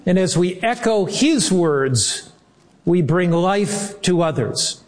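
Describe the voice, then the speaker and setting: Earnest male preacher with a higher voice. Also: animated. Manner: slow, earnest storytelling. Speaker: pastor. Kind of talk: sermon.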